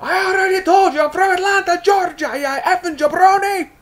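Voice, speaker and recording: A man's voice: flat delivery, brisk. A man putting on a thick Iranian accent to voice a brash, hot-tempered older male wrestler. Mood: furious. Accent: put-on thick Iranian. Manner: loud, high and exaggerated.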